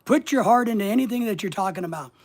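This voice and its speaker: A middle-aged man coaching about social media in a folksy, deliberate way, asking his listeners question after question and pausing often. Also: high-pitched, lively intonation. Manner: folksy, asks the audience rhetorical questions, slow deliberate pauses. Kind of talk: motivational instructional monologue.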